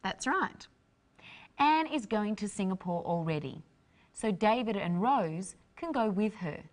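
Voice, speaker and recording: Brief: female lesson host, mid pitch, animated intonation, careful explainer. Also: unhurried. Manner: clear, careful explaining delivery. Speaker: host, English teacher. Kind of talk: scripted language lesson.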